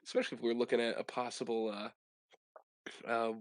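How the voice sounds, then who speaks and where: Excitable, swearing young man at a game table. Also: mid-range voice, a little fast, no echo. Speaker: player. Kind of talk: casual tabletop role-play.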